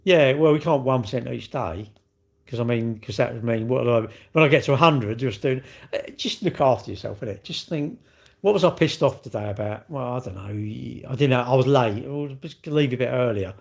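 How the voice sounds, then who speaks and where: A man's voice: mid-range voice, brisk, gravelly. A middle-aged man with a British accent, rambling bluntly in slangy casual chat while answering a livestream chat.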